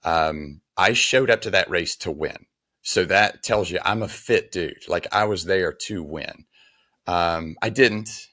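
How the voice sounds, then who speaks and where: Deep-voiced man telling his story. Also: slow pace, pushed and bright, no echo, clean studio sound. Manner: earnest, conversational, frank. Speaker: guest. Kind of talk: casual storytelling interview.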